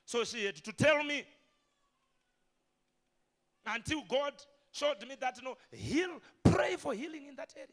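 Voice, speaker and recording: A pastor tells stories in his sermon, and his voice swings widely and breaks into shouts. His tone is high and bright. He sounds forceful and bursts into loud peaks. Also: measured pace, long pauses. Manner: animated storytelling with shouted peaks.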